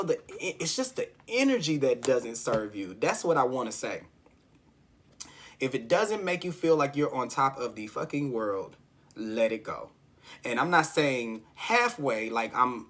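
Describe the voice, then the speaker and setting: A man's voice: medium pitch, a bit bright. Guy doing a chill tarot reading, kinda rambly, keeps saying okay. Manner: rambling, encouraging, repeats "okay?". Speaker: tarot reader.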